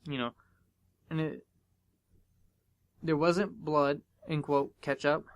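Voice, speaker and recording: A man's voice: slow pace, pauses often. A young man hosting a podcast, telling a casual story and acting out the dialogue with big jumps in his voice. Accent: American. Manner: animated, acts out dialogue with big pitch jumps. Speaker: podcast host.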